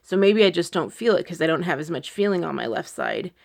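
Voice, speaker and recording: A woman's voice: fairly low pitch, expressive, fast, gravelly, a little mellow. A woman talking to her followers in a personal video diary, anxious and close to tears, rambling with many fillers. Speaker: vlogger. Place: indoors at home.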